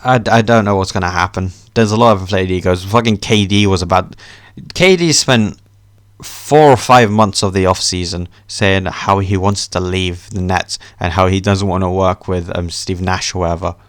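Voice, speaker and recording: A young man hosting a podcast, ranting about sports in a casual, animated way, swearing often. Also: sits low, normal speed, few pauses, no echo, clean studio sound. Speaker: podcast host.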